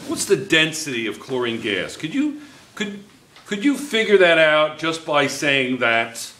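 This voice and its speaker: A man's voice: fairly high pitch, sing-song, unhurried, pushed and bright, a little hiss or hum. A man teaching a chemistry review class, coaxing students with question after question. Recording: echoey classroom.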